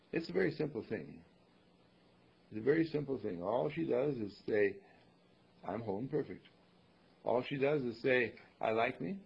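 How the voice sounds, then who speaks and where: An older man giving a rambling, folksy spoken reflection, repeating phrases and clearing his throat now and then. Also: medium pitch. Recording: dull lo-fi recording.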